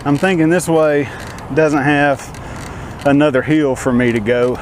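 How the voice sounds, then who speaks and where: A man's voice: a little high, steady tone, measured pace. A man with a Southern US accent, out of breath as he talks to viewers while riding a bicycle outdoors. He has a folksy, self-deprecating manner and calls his viewers y'all. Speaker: vlogger. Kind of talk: casual vlog narration while cycling. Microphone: action camera. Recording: loud road and traffic noise.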